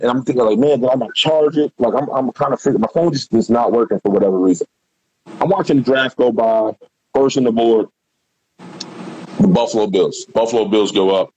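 A middle-aged man, a guest and former football player, telling a rambling, animated story in casual talk and swearing freely. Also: medium pitch, husky, no room sound, poor audio.

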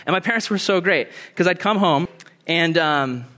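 Animated young man preaching. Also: on the high side, moderate pace. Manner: animated, acts out quoted voices, laughs easily. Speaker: pastor. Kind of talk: sermon.

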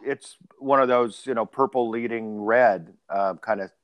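A man's voice: medium pitch, unhurried, dry recording, muffled recording. A man hosting a casual conversation, telling long, rambling stories. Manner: rambling anecdotal storyteller.

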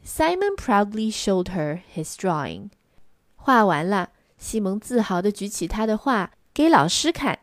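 Woman storyteller, animated bilingual read-aloud, dry close mic. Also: medium pitch, a little slow, no echo. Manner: expressive, lively storybook reading. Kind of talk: bilingual children's story reading.

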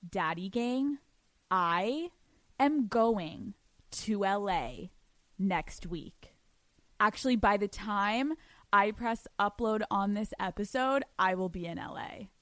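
A woman's voice: medium pitch, animated, takes it slowly, dry recording. A young woman hosting a podcast, telling a story in a giddy, profane way and laughing often. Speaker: podcast host. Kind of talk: casual storytelling monologue.

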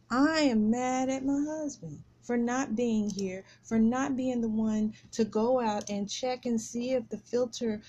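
Her voice a little high and warm, a middle-aged podcast host shares a personal story and a lesson about faith in a casual way, driving points home through emphatic repetition. Some slight background noise can be heard.

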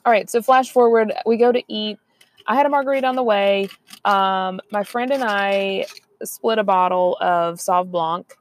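A woman's voice: mid-range voice, moderate pace. A woman, chatting casually and rambling on a podcast, laughing often. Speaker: podcast co-host. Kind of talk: casual chat.

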